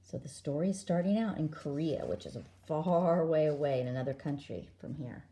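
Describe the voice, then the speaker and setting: A woman teacher reading a picture book aloud to young children, gently stretching out words for them to guess. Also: low voice, animated, fairly quick. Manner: gentle, encouraging classroom tone.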